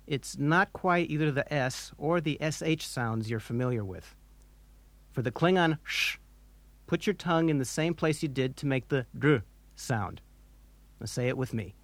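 A man narrating a scripted language lesson, pronouncing harsh guttural words slowly and deliberately for the listener to repeat. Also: medium pitch, expressive, no room sound. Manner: slow, deliberate pronunciation drills with harsh guttural sounds. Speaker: language instructor.

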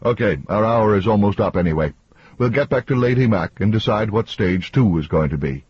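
A steady, reasoning ship captain, as a male audiobook narrator voices him, lightly lifted above the narrator's low voice. The tone is husky and breathy. It sounds dry and a bit dull. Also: a little fast, dry recording. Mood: urgent, steady.

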